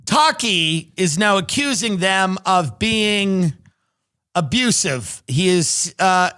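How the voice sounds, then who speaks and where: A man's voice: high-pitched, animated, slow pace, sharp tone, clear, resonant tone. A man hosting a comedy podcast, reading news aloud and breaking off for sarcastic jokes. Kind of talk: casual comedic commentary.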